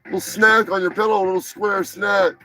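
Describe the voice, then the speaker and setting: A man's voice: sits high, steady tone, a little fast, bright, forceful tone, poor audio. A man hosting a live show, reading odd news stories in a crude, profane, mocking way. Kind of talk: crude comedic news chat.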